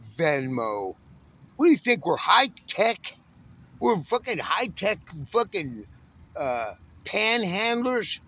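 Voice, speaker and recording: A man in his sixties from Southern California rants at length, bitter and full of curses. His voice sits a little high for a man of his age, and he rails against everything in an uneven, angry flow. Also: big pitch swings, slow, pushed and bright. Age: 60s. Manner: profane, bitter, railing. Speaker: homeless panhandler. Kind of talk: angry ranting monologue.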